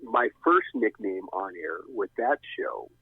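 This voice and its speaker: A man's voice: lowish voice, big pitch swings, a little slow, husky, no room sound. A middle-aged man telling a long story as a guest, rambling and restarting often. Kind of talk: casual storytelling. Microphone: phone. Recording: tinny, dry phone line.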